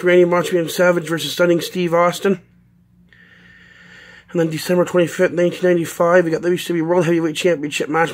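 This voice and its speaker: A man from Canada in a casual unboxing vlog, reading out a long list with many ums. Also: fairly high pitch. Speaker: vlogger.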